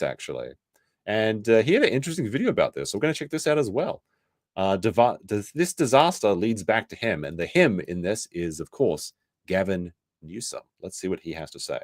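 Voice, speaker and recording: A man's voice: on the low side, sing-song, a little fast, no echo, studio quality. A man streaming casual reaction commentary, reading news aloud and adding sarcastic, rambling asides.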